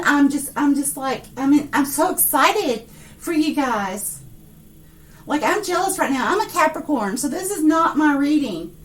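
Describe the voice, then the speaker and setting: A woman giving a monthly tarot reading to her viewers, excitable, filling her talk with fillers and pausing to address a spirit. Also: high-pitched, distant mic. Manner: excitable, breathless outbursts, many fillers; speaks to an unseen spirit. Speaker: psychic tarot reader.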